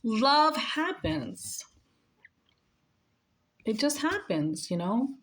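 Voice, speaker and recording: A woman's voice: high-pitched, very animated, drawn-out words, gravelly, a bit bright. A woman in her forties, a nurse, giving emotional, earnest advice in a heartfelt monologue and repeating her points for emphasis. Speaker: nurse sharing life advice.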